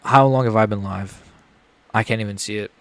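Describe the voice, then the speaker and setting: A nervous young man on a live stream reacting to a fight, rambling to chat, muttering low and then yelping high. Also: steady tone, a little fast, no echo.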